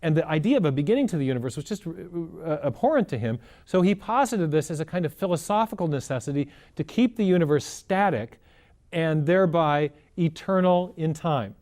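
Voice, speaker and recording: A man's voice: a little high, lively intonation, fairly quick, darkish tone. Earnest man explaining at length. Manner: earnest, storytelling, repeats words while thinking. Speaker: guest explaining science. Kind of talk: interview answer, explanatory.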